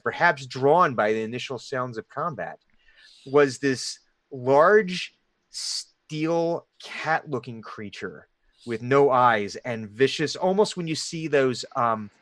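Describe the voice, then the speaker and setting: A man's voice: mid-range voice, fairly bright tone, no room sound. A man running a tabletop game as dungeon master, with a Delaware Valley accent, rambling with frequent restarts and laughs.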